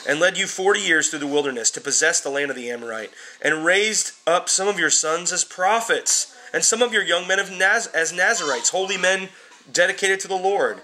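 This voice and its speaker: A man's voice: sits high, a little fast, bright, forceful tone, a little hiss or hum. A man teaching a Bible class, talking to his students informally and repeating words as he drives home each point. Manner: emphatic, repeats words while building points; addresses students informally as guys.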